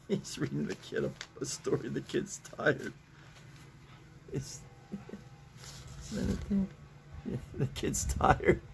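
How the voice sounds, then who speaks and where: A man's voice: mid-range voice, takes it slowly, gravelly, pauses often, a little hiss or hum. A man in his seventies reading comic strips aloud in a casual, rambling way, chuckling often and restarting his sentences. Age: 70s. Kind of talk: casual chat.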